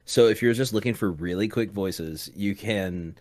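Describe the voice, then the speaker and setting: A man's voice: on the low side, moderate pace, a little mellow, no room sound, studio quality. A man in casual chat, explaining a technique while thinking aloud. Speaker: game master.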